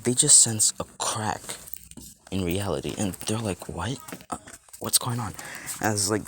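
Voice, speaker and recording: Brief: low-pitched male storyteller, loose and rambling, improvising a fan story. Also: a little hiss or hum. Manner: rambling, full of "like" and restarts. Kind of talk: improvised fan-fiction narration.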